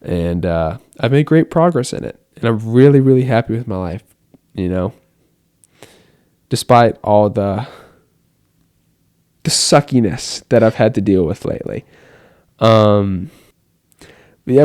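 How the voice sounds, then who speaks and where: A man's voice: on the low side, lively intonation, takes it slowly, pauses often, darkish tone, no room sound, studio quality. Earnest teenage boy rambling late at night. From United States. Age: teens. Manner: rambling, earnest, many "like" fillers. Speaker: vlogger. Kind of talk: late-night reflective monologue. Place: his bedroom at night. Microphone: camera.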